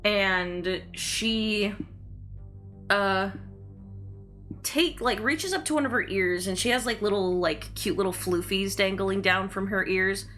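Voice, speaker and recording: A woman's voice: mid-range voice, slow pace, fairly bright tone, faint music behind. A woman acting as dungeon master, narrating a tabletop game in a chatty way with lots of fillers. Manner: chatty narration full of likes and uhs.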